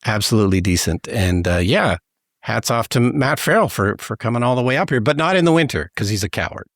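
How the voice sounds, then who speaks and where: A man's voice: mid-range voice, expressive, fairly quick, no echo, studio quality. A man from Saskatchewan co-hosting a podcast in casual chat, laughing often and restarting his sentences loosely. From Saskatchewan, Canada. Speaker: podcast co-host.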